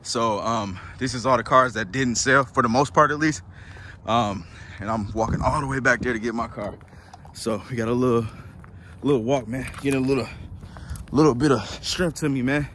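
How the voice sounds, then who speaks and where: A relaxed man talks casually into his phone while walking around an outdoor car lot, speaking in a slangy, easygoing way. His voice sits in a middle pitch. Vehicle and traffic noise is clearly heard behind him. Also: normal speed. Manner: laid-back slangy talk, frequent "man" and "y'all". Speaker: used car dealer vlogger. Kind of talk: casual vlog chat. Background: cars and outdoor traffic noise.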